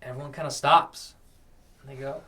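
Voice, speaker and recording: A young man co-hosting a podcast, telling a story in an animated, excitable way, saying "dude" a lot and swinging from loud to soft. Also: medium pitch, moderate pace. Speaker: podcast co-host. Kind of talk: casual storytelling chat.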